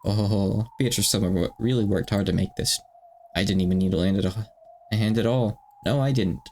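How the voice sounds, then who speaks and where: A man's voice: lowish voice, fairly quick, a little mellow, close to an everyday voice. A man voicing a kind, flustered older woman servant who stumbles over her words.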